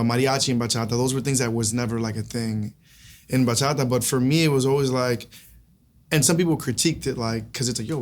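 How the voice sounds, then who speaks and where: A man guest on an interview show, talking loosely and chattily with lots of restarts. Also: mid-range voice. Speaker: guest singer. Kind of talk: casual interview chat.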